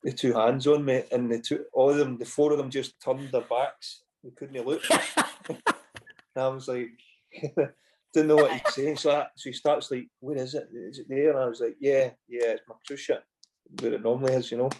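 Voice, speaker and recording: A man's voice: medium pitch, steady tone, moderate pace, darkish tone. Scottish man telling rambling anecdotes. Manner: rambling anecdotes with frequent "you know" and swearing. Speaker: podcast guest, former footballer. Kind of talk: casual storytelling chat.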